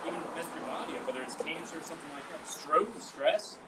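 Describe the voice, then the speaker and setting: A man hosting a candid podcast conversation, animated and asking probing follow-up questions. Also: on the high side, fast talker. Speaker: host. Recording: distant mic with background noise.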